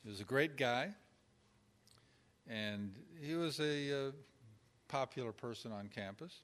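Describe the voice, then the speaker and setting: An instructor on pastoral caregiving, a man with a medium-pitched, slightly bright voice, gives an informal lecture organized into numbered points. He takes his time, speaking conversationally and acting out example dialogue.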